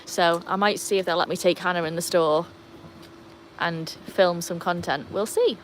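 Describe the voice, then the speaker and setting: A woman's voice: fairly low pitch, steady tone, normal speed, a little hiss or hum. A woman hosting a casual live stream for her dog channel, rambling along with lots of fillers. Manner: chatty and rambling, with many fillers. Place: outdoors beside a pool.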